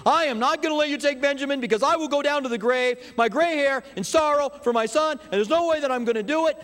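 A man's voice: extremely high pitch, quick pace, a bit bright, pitched above the performer's own voice. A preacher playing a woeful old father. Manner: complaining, woeful. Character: grieving, self-pitying old father. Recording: long hall reverb.

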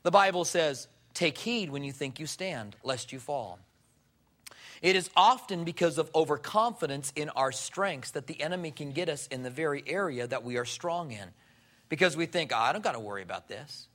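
A male pastor preaching a sermon, animated and acting out the people he quotes. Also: a little high, moderate pace. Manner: animated, acts out quoted voices.

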